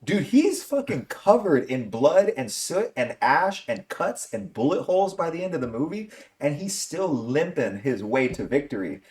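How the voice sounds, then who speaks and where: Animated, ranting male podcast host. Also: fairly high pitch, normal speed, hardly any pauses. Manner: ranting, profane, exasperated. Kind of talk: casual movie review chat.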